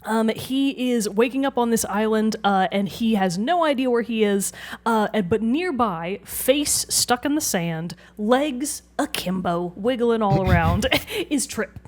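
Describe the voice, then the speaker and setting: A woman's voice: a little high, unhurried. A young woman hosting a podcast, chatting casually and animatedly, laughing often and quoting characters in playful voices. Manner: animated, giggly, quotes characters in funny voices. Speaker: podcast host. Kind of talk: casual chat.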